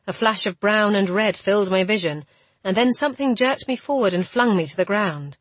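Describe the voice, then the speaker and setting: Husky-voiced woman narrating an audiobook. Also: medium pitch, fairly quick, no room sound. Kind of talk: scripted first-person narration.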